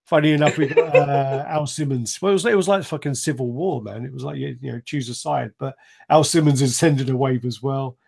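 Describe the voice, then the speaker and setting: A man hosts a loose live stream chat at a middling pitch, wandering from one story to the next. He swears freely and laughs often, never sounding scripted. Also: a little fast, creaky, a little mellow, husky.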